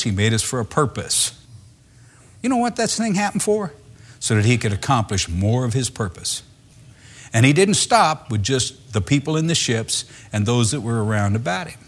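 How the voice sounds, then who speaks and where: A man with a mid-range voice preaches a sermon in a lively, conversational style. He reads scripture, then explains it with laughter and acted-out voices.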